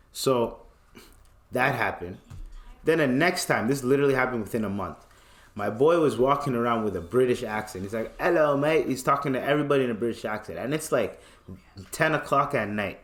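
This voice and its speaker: A man hosting a podcast from Canada, telling a profane, slangy story and acting out the voices of the people in it. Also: medium pitch. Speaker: podcast host. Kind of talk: casual storytelling monologue. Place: home room. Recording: echoey room with a TV left on. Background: television sound.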